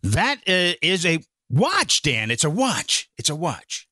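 Husky, deadpan male co-host. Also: a little high, slow pace. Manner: playful, deadpan answers. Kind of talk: banter on a commentary show.

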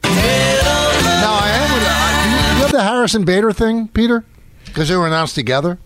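A man on a sports radio show defends his point insistently, repeating himself as he argues. His voice sits high and swoops widely in pitch. The studio sound is dry and close. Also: expressive, a little fast, fairly bright tone, no room sound, faint music behind. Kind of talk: heated sports radio debate.

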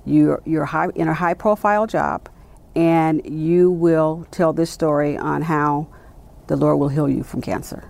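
A woman in her late fifties speaks as an interview guest, her voice low and edged with gravelly fry. She tells her story with lively energy and acts out each quoted exchange as she goes. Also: measured pace. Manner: animated storyteller acting out quoted dialogue. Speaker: interview guest, sports executive. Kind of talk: conversational interview.

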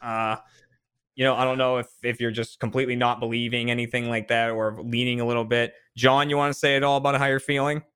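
A man's voice: medium pitch, little pitch movement, quick pace, fairly bright tone, clean tone. A man from the area hosting a casual online game show, laughing easily as he talks. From Boston area, USA. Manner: laughs often, easygoing. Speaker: game host.

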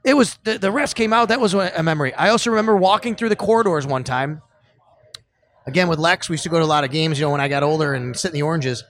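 A middle-aged man from Buffalo, telling old sports stories with growing excitement on a casual podcast. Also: on the high side, fast. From Buffalo area. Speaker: podcast guest. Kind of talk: casual storytelling chat.

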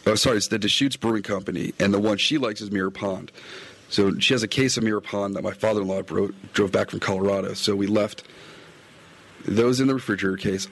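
A man's voice: fairly low pitch, a bit bright. Chatty middle-aged man rambling outdoors. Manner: chatty, meandering, self-correcting. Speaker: fly-fishing podcaster and guide. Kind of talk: casual rambling recap.

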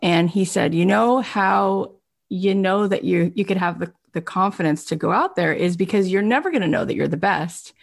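A woman host talks with heartfelt praise for her guest. Her voice sits a little low with a gravelly fry running through it. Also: moderate pace. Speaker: podcast host. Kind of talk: emotional interview talk.

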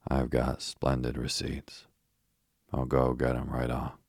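A man voicing a deaf, kindly, fussy old village grandmother in an audiobook, with folksy rustic speech and loud exclamations. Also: very deep voice, monotone, slow, creaky, husky, no room sound, clean studio sound, exaggerated voice. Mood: delighted. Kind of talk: audiobook character reading.

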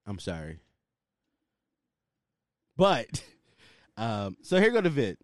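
A man's voice: mid-range voice, huge pitch swings, slow, dry recording, studio quality. A man hosting his own podcast, ranting in a loose, slangy, casual way. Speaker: podcast host. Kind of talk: casual solo podcast rant.

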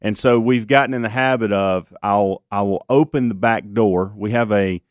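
A man's voice: fairly low pitch, moderate pace, no echo, clean studio sound. A man hosting a morning radio show, telling a long story in casual chat with lots of restarts and fillers. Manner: rambling storyteller with many restarts and ums.

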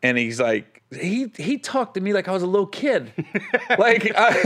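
A man's voice: sits high, big pitch swings, normal speed, a bit bright. A man, a touring stand-up comic, telling road stories in casual chat, often laughing and acting out other people's voices.

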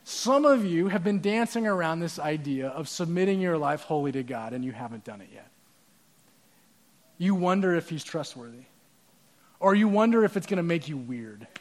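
A pastor with a fairly high voice gives a conversational sermon. He talks to the congregation with props and quick asides. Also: lively intonation.

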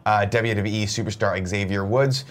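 Male host, lowish voice, loose joking banter with cursing. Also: steady tone. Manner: joking, swearing, quick asides. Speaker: show host. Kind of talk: casual podcast chat.

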